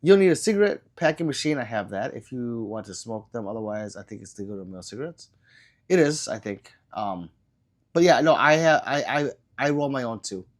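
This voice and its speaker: A coughing, ill man runs a laid-back livestream, reading chat comments aloud and answering in a rambling, filler-heavy manner. He speaks briskly in an expressive, mid-range voice.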